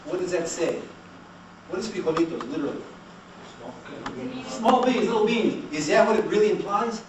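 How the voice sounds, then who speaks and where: Animated male lecturer in an echoey room. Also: sits high, normal speed. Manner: animated, asks the class questions and has them repeat. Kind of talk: classroom language lecture. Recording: echoey room, mic far off, noisy.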